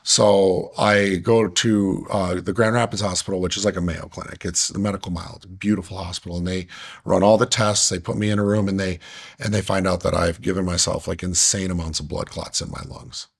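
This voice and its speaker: Male guest, deep husky voice, earnest, halting storyteller. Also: level tone. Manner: earnest, halting, many restarts and fillers. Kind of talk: candid personal storytelling.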